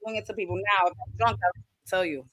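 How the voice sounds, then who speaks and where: A woman's voice: medium pitch, fairly even intonation, quick pace, a bit bright, dry recording, rough recording. A woman co-hosting a podcast, talking bluntly and emphatically in casual slang. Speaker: podcast co-host. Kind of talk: casual group chat.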